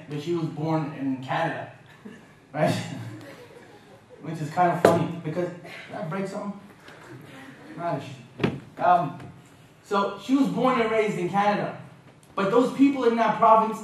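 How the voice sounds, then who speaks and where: A man with a fairly high voice tells funny stories to an audience, lively and often laughing. His voice booms around a large, very echoey university hall, taken from well away from him, with a faint hum underneath. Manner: animated, joking and laughing often. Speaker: guest speaker. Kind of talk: humorous storytelling lecture. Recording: echoey lecture hall from far off.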